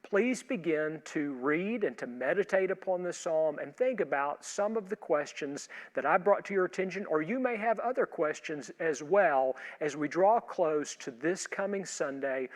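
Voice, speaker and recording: A man speaking as a pastor, giving a measured preview of a sermon and working through a string of rhetorical questions. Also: fairly high pitch, lively intonation, big-room sound.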